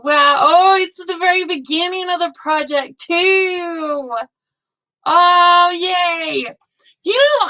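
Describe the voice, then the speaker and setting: A woman with a slightly high voice hosts a live show-and-tell. She talks slowly and gushes, full of gasps and "oh my gosh" as she admires each piece. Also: creaky. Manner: gushing, excitable, lots of gasps and "oh my gosh". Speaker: host of a live stitching show.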